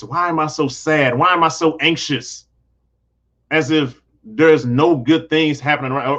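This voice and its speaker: Male host, casual livestream commentary, earnest and rambling, slightly high voice, lo-fi sound. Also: a bit bright. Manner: earnest, rambling with frequent restarts. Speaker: channel host.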